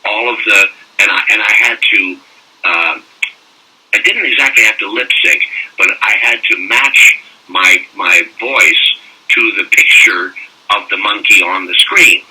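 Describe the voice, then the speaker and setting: An older man, a voice actor, telling animated anecdotes in a casual interview and slipping into mock French-accent bits. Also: fairly low pitch, measured pace, breathy edge. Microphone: phone call. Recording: distant phone-call audio.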